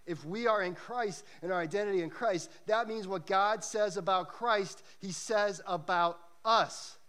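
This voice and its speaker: A man's voice: high-pitched, a little slow, pushed and bright. A man preaching a sermon to a church congregation, earnest and emphatic, telling stories to make his points. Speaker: pastor. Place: church service.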